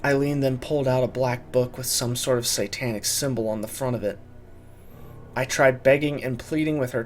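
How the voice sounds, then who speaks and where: A man narrating a first-person horror story, dramatic and urgent in his telling. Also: mid-range voice.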